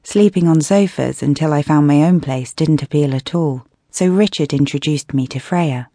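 British woman, audiobook narrator, mellow tone, wry expressive read, dry close studio mic. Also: deep voice, normal speed, no echo. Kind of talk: scripted first-person audiobook narration.

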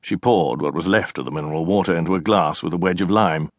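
Male narrator, lower voice, bone-dry studio read, measured scripted storytelling. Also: no room sound. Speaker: audiobook narrator.

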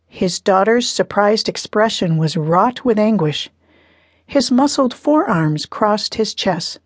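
With studio-quality sound and no echo, a woman narrates a novel at medium pitch. She is an audiobook narrator delivering scripted narration in a measured, even storytelling style.

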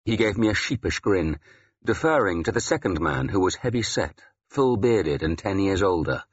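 Low husky male narrator, lively intonation, dry muffled studio read. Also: moderate pace, no echo. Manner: expressive, dramatic shifts of tone. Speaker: audiobook narrator. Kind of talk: scripted first-person narration.

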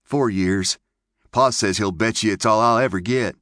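A man's voice: lowish voice, normal speed, a bit bright, no room sound, studio quality, pitched above the performer's own voice, natural voice. A man voicing a shy, folksy farm boy in an audiobook. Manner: folksy rural talk. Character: shy homespun farm boy heading west.

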